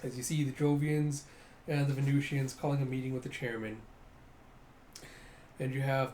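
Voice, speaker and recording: A man's voice: medium pitch, little pitch movement, normal speed, pauses often, a little mellow, a little hiss or hum. A man casually reading through a comic and describing the panels. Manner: casual, narrates panels, reads lines aloud. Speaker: comic readthrough host.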